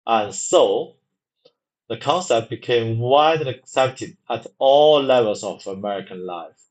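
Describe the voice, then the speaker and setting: A man's voice: mid-range voice, poor audio. A man reading a book aloud to practice his English, stopping to repeat words again and again. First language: Mandarin. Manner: halting, repeats words many times, restarts.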